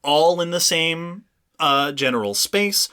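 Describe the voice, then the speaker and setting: A man's voice: fairly high pitch, animated, slow, pushed and bright, clear, resonant tone. A man co-hosting a casual podcast, explaining at length with frequent restarts. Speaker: podcast co-host. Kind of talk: casual chat.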